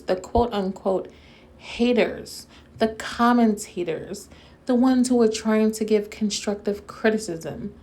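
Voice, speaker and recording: A woman's voice: mid-range voice, warm tone. Sarcastic woman doing casual commentary. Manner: sarcastic, mocking, laughs often; speaks directly to her audience as friends. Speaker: commentary YouTuber.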